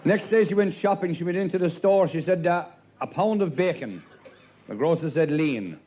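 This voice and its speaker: An Irish man with a raised, high-set voice spins deadpan stand-up yarns as a village policeman. Light laughter and faint room noise sit behind him on the live recording. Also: a crowd in the background. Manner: deadpan storytelling, rapid one-liners in character as a policeman. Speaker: stand-up comedian. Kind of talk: live stand-up joke-telling.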